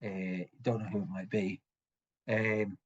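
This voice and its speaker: Male game master, husky, stop-start narration of a tavern scene. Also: fairly low pitch, level tone, muffled recording. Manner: halting, full of ums and restarts.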